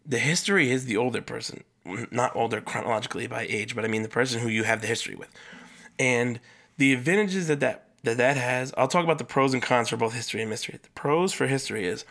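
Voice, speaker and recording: A man hosting a solo podcast, talking in a casual, rambling way with lots of fillers and swearing, and jumping up in pitch for emphasis. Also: fast, creaky. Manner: animated, jumps up in pitch for emphasis. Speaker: podcast host.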